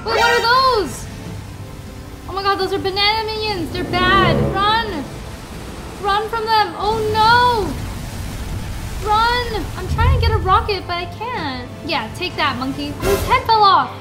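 Brief: woman gaming YouTuber, very high voice, unhurried talk, excitable shrieks, game music under her. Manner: excitable, squealing and shrieking reactions. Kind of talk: excited gameplay commentary. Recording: game music playing behind.

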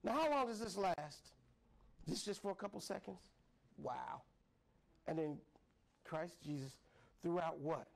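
High-voiced playful male preacher. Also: animated, measured pace, vocal fry, long pauses. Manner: playful, call-and-response, laughing often. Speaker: pastor. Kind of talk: sermon. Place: church sanctuary.

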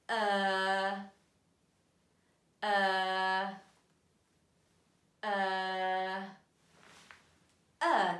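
A woman teaching a children's phonics lesson, animated and encouraging, stretching out sounds slowly. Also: medium pitch, roomy sound.

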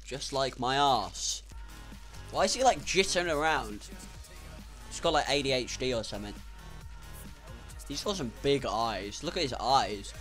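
A young man giving casual, sarcastic gameplay commentary, swearing and breaking into sudden loud outbursts. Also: mid-range voice, lively intonation, a little slow, pauses often, faint music behind. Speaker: gaming YouTuber.

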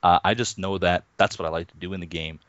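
A low-voiced man in his thirties talks casually as an interview guest, relaxed and chuckling, full of "um"s and restarts. The sound is dry and a bit muffled, like an online voice call. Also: fast talker, clear, resonant tone, no room sound. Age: 30s. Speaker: interview guest, Minecraft YouTuber.

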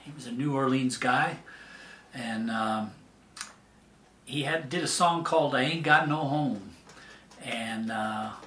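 A man's voice: medium pitch, reverberant. A man hosting a daily song show, chatting casually and folksily with many fillers before playing a song. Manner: slow, relaxed, folksy talk with fillers. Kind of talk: casual chat introducing a song.

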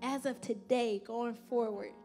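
A woman pastor giving an expressive, conversational sermon at a church service. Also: fairly high pitch, moderate pace, faint music behind.

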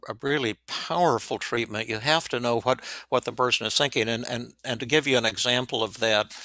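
An older male psychiatrist recounts a case from his practice, with a bright, clear-edged tone. He talks in an animated way, often restarting and doubling words as he goes. The recording is dry and close, with no room sound. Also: medium pitch, dry recording. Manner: animated storyteller, frequent restarts and repeated words. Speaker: psychiatrist guest. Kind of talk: storytelling in an interview.

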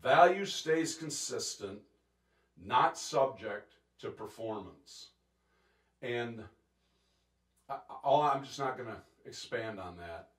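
A man preaching a sermon as pastor, intense and animated, acting out quotes and laughing between points. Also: medium pitch, slow, long pauses, echoey room. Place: church sanctuary.

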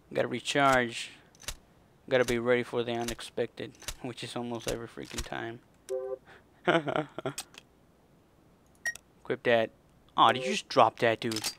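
A man's voice: mid-range voice, animated, a little slow, creaky, pauses often, fairly bright tone, slight background noise. A man commenting on his own gameplay, muttering and cursing at the game in frustration. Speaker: gaming channel host. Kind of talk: let's play commentary.

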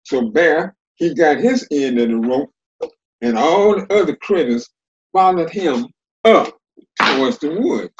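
Brief: older male folktale teller, animated sing-song delivery, dialect-rich and folksy. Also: fairly high pitch, a little slow, muffled recording, noisy background. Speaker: storyteller. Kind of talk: folktale storytelling.

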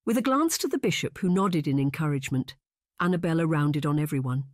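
An audiobook narrator reading a period romance aloud in an even, measured manner. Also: medium pitch, dry recording, studio quality. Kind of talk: scripted narration.

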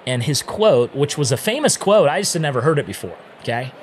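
A man who is a podcast guest, telling his own story in a casual, animated way and often acting out what he once said. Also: a little high, a little fast, a little hiss or hum.

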